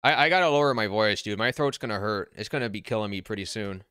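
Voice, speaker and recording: A blunt, loud-mouthed man chatting live with his viewers, his voice bright and forceful with a crisp, smooth edge. He half-yells in a brash, no-nonsense way. The sound is close and dry, with little room around it. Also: on the low side, fast, no room sound. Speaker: crypto channel host. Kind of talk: casual livestream chat answering viewer comments. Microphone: wearing noise-canceling headphones.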